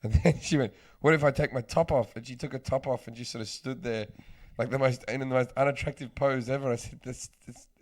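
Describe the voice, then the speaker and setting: A man co-hosting a casual podcast, cutting in with quick teasing jokes and his own anecdotes. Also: mid-range voice, fairly even intonation. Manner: teasing, quick joking interjections. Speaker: podcast co-host.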